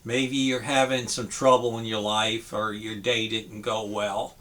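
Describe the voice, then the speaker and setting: Speaking a little slowly in a lowish voice, a man casually reviews a music album. He sounds relaxed and appreciative, though he hesitates, often saying "um" and starting over.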